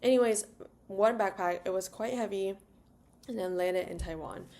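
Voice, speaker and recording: A woman's voice: medium pitch, normal speed, darkish tone. A young woman telling a travel story in a casual, rambling vlog, full of "like" and little asides. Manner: rambling, filler-heavy, chatty; sings "la la" to herself. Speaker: travel vlogger.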